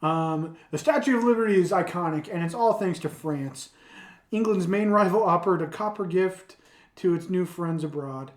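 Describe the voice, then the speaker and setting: Woman, low voice, playful podcast quiz host, laughs a lot, echoey room. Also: moderate pace. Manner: playful, jokey, laughs often. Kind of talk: casual podcast chat.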